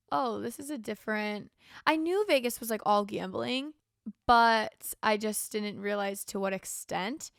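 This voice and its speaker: Young woman, podcast host, tired, sore throat, rambling chat, smooth clear voice, dry close mic. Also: medium pitch, fairly bright tone, no room sound. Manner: rambling, frequent "like" and "um". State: tired, yawning. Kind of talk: casual solo podcast chat.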